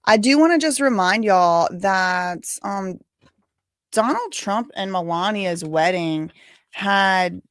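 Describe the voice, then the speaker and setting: A tired, low-energy woman hosts a live stream, rambling casually to her viewers with no room sound in the recording.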